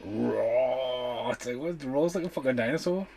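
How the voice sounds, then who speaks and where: A man's voice: a little high, fast talker, darkish tone. Sweary man giving blunt film commentary. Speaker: podcast host.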